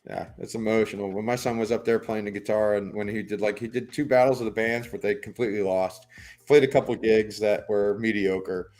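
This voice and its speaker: A middle-aged man hosting a livestream, chatting in a relaxed, rambling way. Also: lowish voice, brisk. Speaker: livestream host. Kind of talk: casual chat. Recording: faint music in the background.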